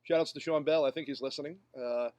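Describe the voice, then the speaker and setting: A man's voice: fairly high pitch, steady tone, fast, darkish tone, dry recording. A man co-hosting a casual podcast, blunt, crude and opinionated. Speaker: podcast co-host. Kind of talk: casual chat.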